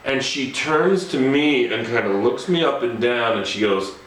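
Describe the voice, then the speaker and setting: A man's voice: medium pitch, a little slow, fairly bright tone. A man telling a casual anecdote in a chatty way, often chuckling as he talks. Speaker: storyteller. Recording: echoey room, faint ambience.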